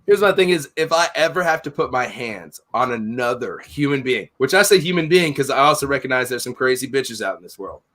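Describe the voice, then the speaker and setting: A man's voice: medium pitch, animated, fairly quick, few pauses, fairly bright tone. Blunt, foul-mouthed middle-aged man. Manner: blunt, heated, swears constantly, acts out both sides of arguments. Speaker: podcast host, store owner. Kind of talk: casual profane storytelling.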